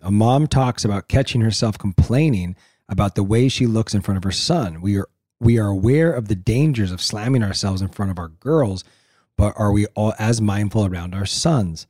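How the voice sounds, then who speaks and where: Low, mellow man in blunt chat. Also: normal speed, no echo, clean studio sound. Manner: blunt, pushes his point, talks over her. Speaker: podcast co-host. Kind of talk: casual chat.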